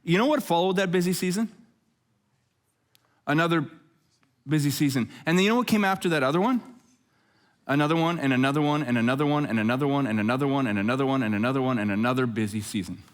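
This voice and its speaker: Joking, animated male pastor. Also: mid-range voice, fast talker, long pauses. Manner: jokey, animated storytelling with asides. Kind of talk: conversational sermon.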